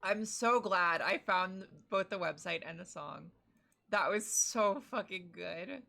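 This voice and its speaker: A woman's voice: on the low side, slow, creaky, bright, forceful tone. A woman streamer chatting casually, laughing often, swearing and exclaiming, breathless from laughing. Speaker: live streamer.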